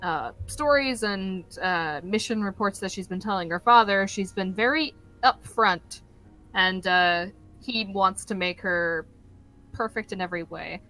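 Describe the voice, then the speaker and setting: Slow, bright-voiced woman player. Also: mid-range voice, soft background music, low-quality recording. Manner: halting, laughs often. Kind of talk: tabletop game chat.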